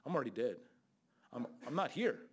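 An older man preaching a fiery Bible sermon as a guest preacher, scolding loudly and then dropping to low asides. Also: sing-song, fairly quick, slight background noise. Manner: loud, scolding, shifts between shouting and low asides.

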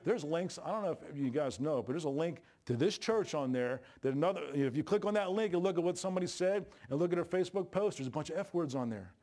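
A man's voice: on the high side, lively intonation, fast talker, few pauses, warm tone. Joking, folksy male preacher. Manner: folksy, joking preacher with Southern-style colloquial grammar. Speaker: pastor. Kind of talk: sermon. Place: church sanctuary. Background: congregation responses.

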